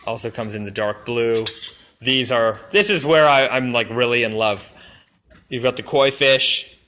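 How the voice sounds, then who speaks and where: On a live stream with a noisy background, a brand representative casually walks viewers through new clothing, picked up by a phone or camera mic. His medium-pitched voice moves at a measured pace, and he rambles enthusiastically, full of fillers and restarts.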